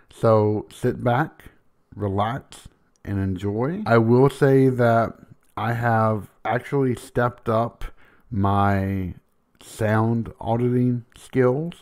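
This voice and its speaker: Self-deprecating podcast host, low voice. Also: male voice, darkish tone. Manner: self-deprecating, hesitant with fillers. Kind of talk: casual podcast talk.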